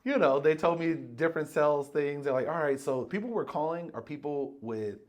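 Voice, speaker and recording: A man's voice: on the high side, fairly quick. A man guest casually telling a story on a podcast, acting out quotes and swearing freely.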